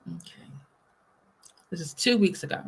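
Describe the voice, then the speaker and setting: A woman's voice: unhurried, a little hiss or hum. Woman, reaction host, casual chatter, fresh braces, careful enunciation. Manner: chatty, apologetic about fresh braces affecting speech. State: talking with new braces.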